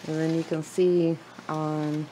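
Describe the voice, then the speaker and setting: A woman's voice: deep voice, level tone, slow, mellow, slight background noise, poor audio. A woman giving a casual tour of her houseplants in her living room, chatty and gushing, often trailing off mid-sentence. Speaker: plant vlogger.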